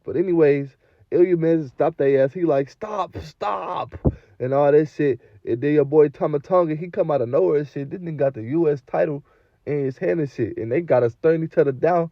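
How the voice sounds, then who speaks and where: Man, slightly high voice, loose profane slang rant; muffled dry home recording. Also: fast talker, dry recording. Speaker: wrestling show reviewer. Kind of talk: casual recap review.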